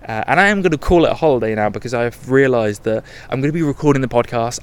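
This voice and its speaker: A man's voice: medium pitch, fast, hardly any pauses, slight background noise. A young man hosting a podcast, talking candidly in a rambling, self-correcting monologue. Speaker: podcast host. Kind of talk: casual travel podcast monologue.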